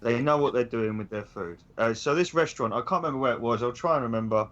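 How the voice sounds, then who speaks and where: A man's voice: mid-range voice, fast talker, fairly bright tone, muffled recording. A man chatting casually, rambling and hunting for words with many ums. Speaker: stream co-host. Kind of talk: casual chat.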